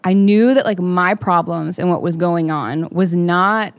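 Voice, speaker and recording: Podcast co-host, young woman, lower register, earnest and rambling, lots of "like". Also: a little slow. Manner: heartfelt, rambling with many fillers. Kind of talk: candid faith conversation.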